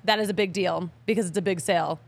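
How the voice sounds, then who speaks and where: A woman's voice: lowish voice, fairly even intonation, fast talker, creaky, no echo. A woman from Philadelphia hosting a sports podcast, chatting casually and joking, with the odd swear word. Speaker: podcast host. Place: podcast studio.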